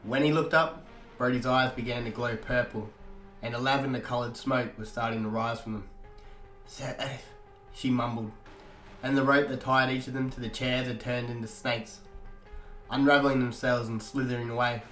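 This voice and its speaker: A man narrating an audiobook-style story in a steady storytelling manner. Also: medium pitch, brisk. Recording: echoey room, faint guitar music.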